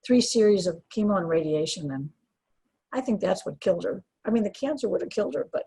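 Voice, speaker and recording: A woman's voice: mid-range voice, expressive, quick pace, gravelly, mellow, slightly rough, low-quality recording. An older woman speaking earnestly and from the heart as an interview guest, with frequent restarts. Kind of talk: emotional personal interview.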